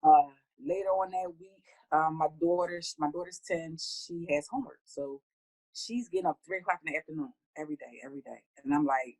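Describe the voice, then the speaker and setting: A middle-aged woman speaking heartfelt in a casual interview, often acting out her own conversations in a higher voice. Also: brisk, darkish tone, rough recording. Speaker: guest.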